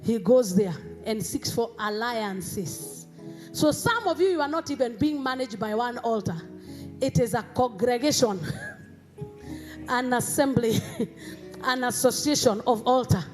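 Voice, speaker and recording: A Kenyan woman pastor delivering an emphatic sermon in a church, rising to shouts. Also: fairly high pitch, expressive, a little slow, soft background music.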